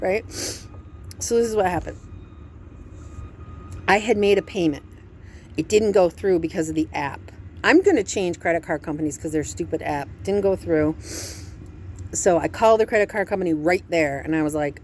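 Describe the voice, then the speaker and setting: A woman's voice: lowish voice, normal speed, darkish tone, a little hiss or hum. A woman vlogging from a parked vehicle in a resort parking area, overwhelmed and anxious, rambling and jumping from topic to topic. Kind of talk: candid personal vlog.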